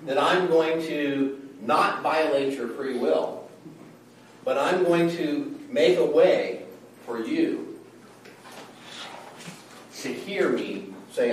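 Unhurried man teaching in an echoey room. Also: on the high side, lively intonation, distant mic, a little hiss or hum. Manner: conversational, often checks in with "right?". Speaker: Bible study teacher. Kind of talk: Bible study lecture.

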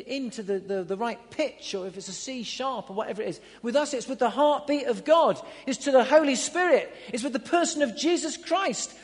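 A man preaching a sermon in a church hall, earnest, swinging between loud emphatic lines and quiet low ones. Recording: long hall reverb.

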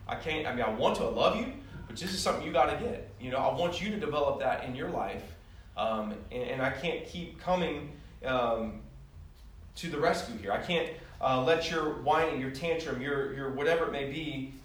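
A man giving a sermon in a conversational, self-deprecating way, growing animated as he tells personal stories. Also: medium pitch, a little hiss or hum. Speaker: pastor. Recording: echoey room heard from a distance.

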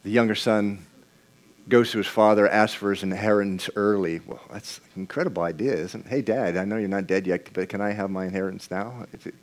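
A man's voice: fairly low pitch, fairly even intonation, brisk. Man preaching a conversational sermon. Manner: conversational, questions the congregation, repeats words and restarts.

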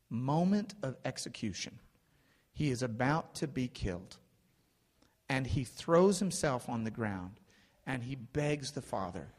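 A man preaching a sermon, conversational with fillers, slowing and swelling dramatically when quoting scripture. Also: medium pitch. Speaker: pastor. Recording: long reverb of a hall.

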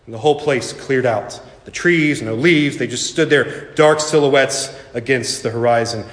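A man preaching a sermon and telling a story, earnest and slow, dropping soft for emphasis. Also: medium pitch. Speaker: pastor. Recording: echoey hall reverb.

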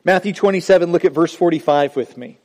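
Male preacher, high tenor voice, dramatic swings from hushed to impassioned, sermon in a church with long hall echo. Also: fast. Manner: dramatic preaching, voice rising and dropping sharply. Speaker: pastor.

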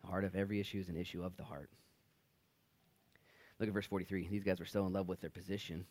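A man preaching a sermon as pastor, conversational and animated, often acting out the people he quotes. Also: low voice, fast. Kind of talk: expository sermon.

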